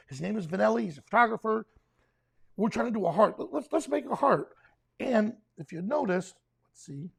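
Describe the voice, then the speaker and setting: A photography instructor hosting a live online class in a casual, lively way, with self-deprecating asides. The voice is gravelly and husky with a mid-range pitch, and it shifts quickly between tips and answers to viewer questions. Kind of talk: casual live webinar teaching.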